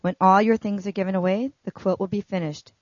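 A generous old quilt maker who speaks calmly and patiently, as a woman reads her lines. The voice sits in a middle register, close and dry on a dull, lo-fi recording. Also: mid-range voice, brisk, no room sound, close to an everyday voice.

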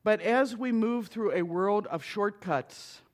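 Male minister, high and unhurried, emphatic storyteller. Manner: emphatic, heartfelt storytelling with punchy short phrases. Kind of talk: personal storytelling talk to an audience.

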